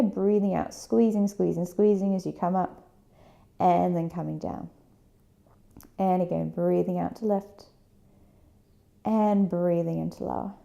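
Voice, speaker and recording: A woman fitness instructor leading a workout, giving calm breathing and movement cues with chatty asides. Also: mid-range voice, creaky.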